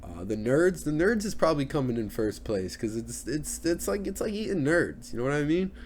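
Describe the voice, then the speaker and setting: A man's voice: a little high, very animated, a little fast, darkish tone. A young man ranting on his solo podcast, rambling and crude, full of fillers. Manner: rambling, crude, with many fillers and put-on voices. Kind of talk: casual solo podcast rant.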